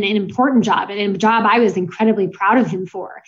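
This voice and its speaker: A woman's voice: medium pitch, fairly even intonation, brisk, few pauses, lo-fi sound. A woman who is a podcast guest, telling personal stories in an earnest, reflective way, with plenty of "like" and "you know". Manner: earnest, reflective storytelling with many fillers. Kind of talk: casual interview chat.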